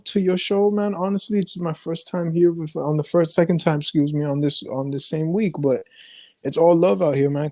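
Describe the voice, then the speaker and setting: A man's voice: fairly high pitch, dark tone, no echo. Earnest man talking sports, dry close sound. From Jamaica. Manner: earnest, rambling, says "man" a lot. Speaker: guest panelist. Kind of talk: casual sports chat.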